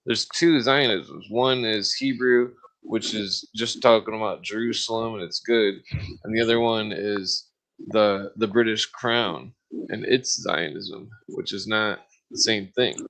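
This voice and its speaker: A man's voice: lowish voice, a little slow, gravelly, a bit bright, poor audio. A man chatting as a podcast guest, rambling and restarting his sentences often. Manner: rambling, restarts often, talks over others. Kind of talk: casual podcast chat.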